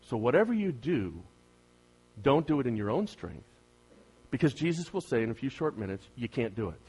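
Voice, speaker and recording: A man's voice: medium pitch, very animated, moderate pace, slightly rough. Emphatic male pastor preaching. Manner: emphatic, asks the crowd questions, swings from loud to soft. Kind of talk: sermon.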